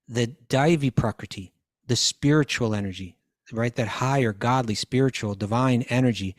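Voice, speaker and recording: In a question-and-answer talk on scripture, a man quotes Sanskrit verses, translates them, and often restarts his phrases. His mid-range voice moves at a moderate pace, captured in a dry, clean studio recording.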